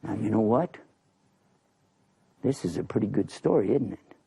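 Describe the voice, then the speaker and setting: A man casually telling a religious story, his voice lively and gravelly. He chuckles often and speaks with a dry, close sound. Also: lowish voice, moderate pace, no room sound.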